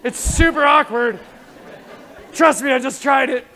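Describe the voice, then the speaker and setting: A man's voice: very high voice, a little slow, sharp tone, a faint crowd. A man preaching a conference sermon, impassioned and emotional, mixing casual slang into his preaching. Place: conference hall.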